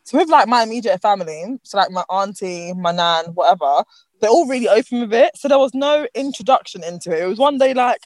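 A young woman talking casually and candidly, with lots of fillers and quick restarts. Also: mid-range voice, animated, no room sound, rough recording. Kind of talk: casual chat.

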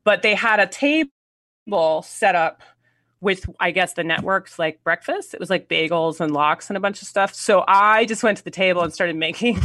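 Woman guest, lowish and bright voice, animated storyteller, dry close sound. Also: normal speed, dry recording. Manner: animated storyteller, acts out quotes, laughs often. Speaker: actress guest. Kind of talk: casual anecdote telling.

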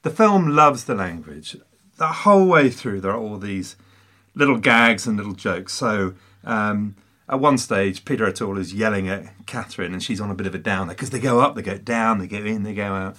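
Animated man, lively pitch. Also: moderate pace. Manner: animated, teasing, theatrical emphasis. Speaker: podcast host and stand-up comedian. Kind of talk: casual film discussion.

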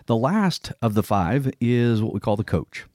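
In clean studio sound with no room echo, a man with a mid-range, dark-toned voice and lively intonation speaks unhurriedly. He earnestly and conversationally explains workplace roles, occasionally acting out what a colleague might say.

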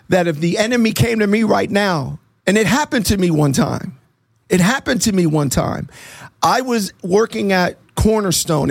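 A man being interviewed who gives an earnest, animated faith testimony and acts out the dialogue in his stories. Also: sits high, vocal fry, no room sound, studio quality. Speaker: interview guest.

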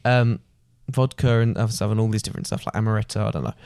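A man's voice: lowish voice, fairly even intonation, fast, vocal fry, darkish tone, clear, resonant tone, dry recording. A young man co-hosting a podcast, telling a travel story in a rambling way with many fillers. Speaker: podcast co-host. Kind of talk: casual chat.

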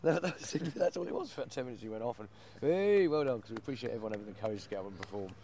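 A man telling an animated anecdote, acting out quotes and laughing as he goes. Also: fairly low pitch, very fast, a little hiss or hum. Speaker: performer. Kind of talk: anecdote in casual chat.

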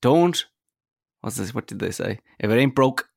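A man co-hosting a podcast, telling stories in chatty, animated casual talk. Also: lowish voice, fairly quick, vocal fry, breathy edge, no echo, studio quality. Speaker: podcast co-host.

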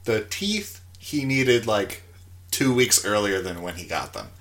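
A man chatting casually about a movie, earnest and defending his view with halting restarts. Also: fairly low pitch, very animated, fairly bright tone. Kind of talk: casual movie review chat.

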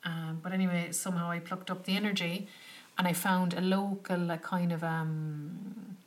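A young woman telling a travel story to her viewers in a chatty, animated way, full of "like" and "do you know". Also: on the low side, moderate pace. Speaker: travel vlogger. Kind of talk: casual travel storytelling to camera. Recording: slightly distant from the mic.

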